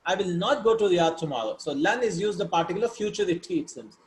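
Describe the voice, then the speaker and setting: A man's voice: sits high, fast talker. Man teaching Arabic in an echoey room. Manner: explains step by step, asks "right?" between points; reads Arabic words and glosses them in English. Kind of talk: recorded language lesson. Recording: echoey room with faint background hiss.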